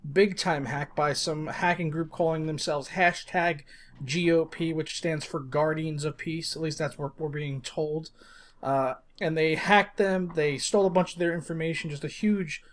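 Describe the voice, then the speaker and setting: American male podcast host, casual, jokey, voice on the higher side. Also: steady tone, normal speed, a little hiss or hum. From United States. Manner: joking, laid-back banter.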